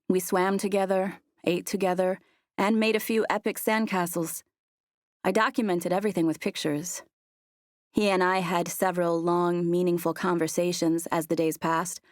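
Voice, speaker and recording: A woman narrating a first-person romance audiobook with soft, earnest storytelling. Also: on the low side, no echo, clean studio sound.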